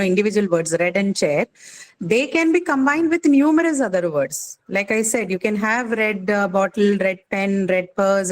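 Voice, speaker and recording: A woman's voice: mid-range voice, rough recording. A woman teaching an online class, explaining patiently with many fillers and tag questions.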